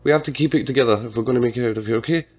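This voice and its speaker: A man's voice: mid-range voice, rapid-fire, a little mellow, husky, lo-fi sound, natural voice. A man voicing a tough young female agent who speaks firmly and presses her partner to keep going. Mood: urging. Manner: firm and urging.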